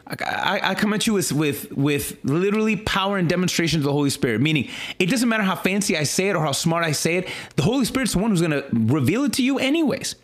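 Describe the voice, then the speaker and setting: A fairly high-voiced man gives a casual sermon follow-up. He stutters and restarts often, jumps up into excited exclaims and drops into low, earnest phrases. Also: quick pace, few pauses. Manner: animated, repetitive, frequent restarts and stutters. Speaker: pastor.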